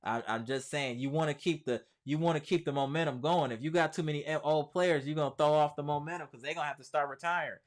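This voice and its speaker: A man's voice: fairly high pitch, quick pace, few pauses. A man hosting a casual sports live stream, reading viewer comments aloud and answering them in a chatty, slangy way, repeating his points for emphasis. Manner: emphatic repetition, slangy speech. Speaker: sports channel host.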